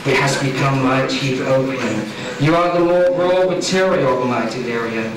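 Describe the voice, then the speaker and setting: A man reciting his poetry in a measured, rhythmic way at a small club night, recorded from across the room. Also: mid-range voice. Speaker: poet and host. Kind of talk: poetry reading. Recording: far-off echoey live room recording with background noise.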